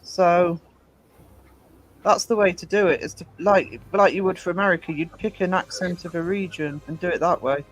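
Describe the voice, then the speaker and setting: High-voiced man hosting a chatty live stream. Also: steady tone, moderate pace, fairly bright tone, low-quality recording. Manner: chatty, reads out and greets the chat. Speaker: livestream host. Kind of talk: casual live-stream chat.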